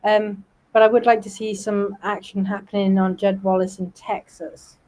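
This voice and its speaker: A woman's voice: mid-range voice, little pitch movement, moderate pace, darkish tone, poor audio. A British woman hosting a casual livestream panel chat, talkative and snarky, often breaking into laughter. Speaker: livestream host.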